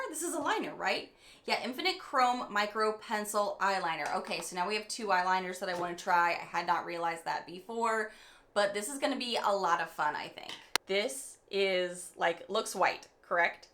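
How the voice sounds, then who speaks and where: A woman beauty vlogger chatting casually through an unboxing, excitable and prone to rambling asides. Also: medium pitch, normal speed.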